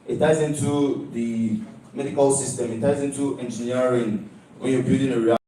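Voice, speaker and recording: A young man from Nigeria presents his student project in a mellow, relaxed voice. He stresses his points and repeats them, often checking in with his listeners. He sounds far from the mic in a very echoey hall. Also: medium pitch, moderate pace, a little hiss or hum. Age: young adult. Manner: emphatic, repeats key phrases, keeps asking "do you understand?". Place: large lecture hall. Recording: echoey hall, heard from a distance.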